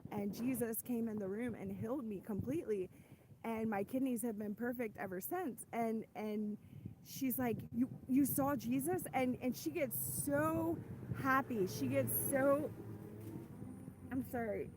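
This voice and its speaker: A woman's voice: fairly high pitch, a little slow, noisy background. A woman telling her personal faith testimony in a casual, earnest way, rambling with many restarts. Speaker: ministry host giving a testimony.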